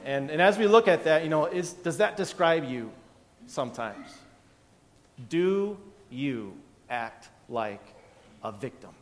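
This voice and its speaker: A man's voice: fairly high pitch, expressive, takes it slowly, big-room sound, slight background noise. A male pastor giving a conversational sermon, often restarting his sentences and chuckling. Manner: conversational, self-interrupting, chuckling.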